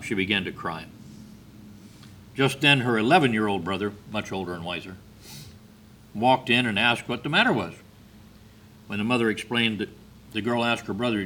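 A man giving a sermon, telling stories in a slow, measured way with brief hesitations. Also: on the low side, bright, forceful tone, slight background noise. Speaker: preacher.

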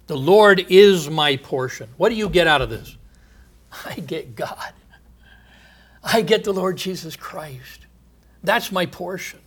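In his sermon, a man draws out key phrases with mounting loudness and emphasis, falling to a hushed low register at the end of each thought. He punctuates his points with quick chuckles.

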